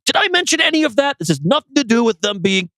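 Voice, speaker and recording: An actor playing a grumpy, paranoid older gay man, gruff and easily exasperated. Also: very high-pitched, very animated, fast, sharp tone, dry recording, heavily acted. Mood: defensive. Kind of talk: audio drama acting.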